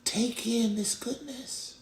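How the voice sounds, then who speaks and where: A man's voice: very high-pitched, fairly even intonation, takes it slowly, pitched above the performer's own voice, exaggerated voice. A man speaking as God, lovingly urging listeners to focus on him. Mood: majestic. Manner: pleading, repetitive. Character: God, loving and commanding, calling people close. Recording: roomy echo.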